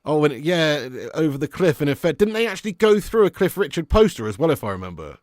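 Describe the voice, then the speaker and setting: A young man with a fairly high pitch talks quickly while hosting a live football watch-along, chatting with viewers through their comments and flaring up with excitement at the match. There's no room sound, just clean studio audio.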